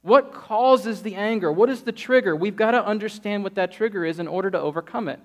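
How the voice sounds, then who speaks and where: High-voiced pastor preaching with energy. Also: male voice, brisk. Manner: lively storytelling, acts out quotes. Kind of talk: sermon.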